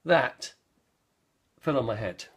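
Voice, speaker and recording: A man in his fifties telling rambling stories on a live stream, speaking slowly with a slight stutter and often losing his train of thought. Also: medium pitch, lively intonation. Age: 50s. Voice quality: gravelly, husky. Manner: slow, halting, loses his train of thought. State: mild stutter after head injury. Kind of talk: rambling casual storytelling.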